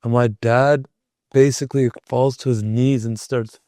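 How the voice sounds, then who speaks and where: A man's voice: mid-range voice, fairly even intonation, a little slow, warm tone, no echo, clean studio sound. A young man, a podcast guest, telling a personal story in a casual, rambling way with lots of "like". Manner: rambling, heavy use of filler "like".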